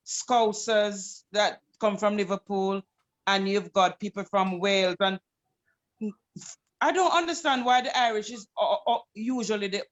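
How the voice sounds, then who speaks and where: A woman from the United Kingdom hosts a casual podcast discussion. She talks in a chatty, meandering way, her voice sitting at an ordinary pitch. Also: lo-fi sound. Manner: rambling, chatty.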